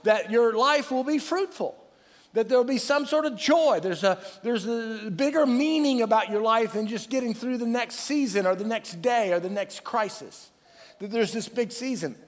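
A middle-aged man preaching a sermon as pastor, energetic, calling on the congregation to answer back and restarting phrases as he goes. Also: very high-pitched, normal speed. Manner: energetic, calls for crowd responses, restarts phrases. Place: large church hall. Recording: long reverb from a large church hall.

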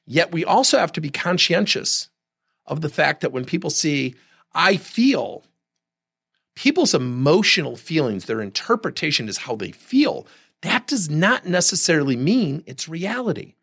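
Animated, gravelly male podcast host. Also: a little high, normal speed. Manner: animated storytelling, acts out quoted people; candid, direct advice. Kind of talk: solo podcast monologue.

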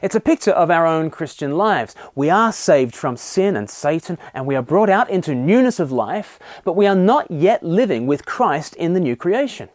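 A man preaching a daily Bible devotional in an earnest, animated way. His voice sits a little high and swings widely in pitch. The sound is dry and close, with no room echo. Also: normal speed, hardly any pauses. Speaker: Bible teacher.

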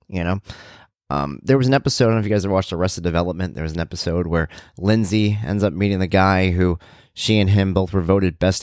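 A man's voice: low voice, dry recording, studio quality. A middle-aged man hosting a podcast, telling a rambling, self-deprecating story in a casual monologue. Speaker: podcast host.

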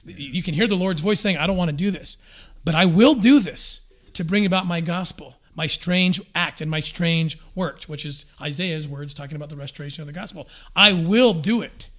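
A man explaining history in a lively conversational way, acting out quotes with frequent restarts. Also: fairly high pitch, normal speed. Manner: energetic storyteller, acts out quotes with restarts. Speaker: guest discussing scripture and history.

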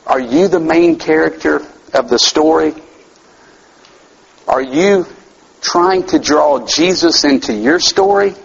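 Husky-voiced man preaching conversationally. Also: fairly high pitch, slow, long pauses, dull audio. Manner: conversational preaching with rhetorical questions. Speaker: campus minister preaching. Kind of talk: sermon.

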